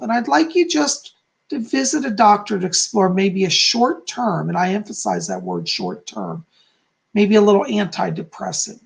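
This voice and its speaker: A man with a gravelly edge, hosting a live psychic reading stream. He talks in a loose, chatty way and reassures each viewer. He keeps checking in with a soft "okay?". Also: high voice. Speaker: psychic host.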